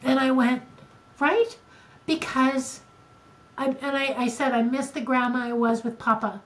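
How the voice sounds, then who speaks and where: A woman's voice: sits high, flat delivery, normal speed, fairly bright tone, rough recording. An older woman co-hosting a podcast, talking candidly and emotionally in casual conversation, with frequent restarts. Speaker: podcast co-host.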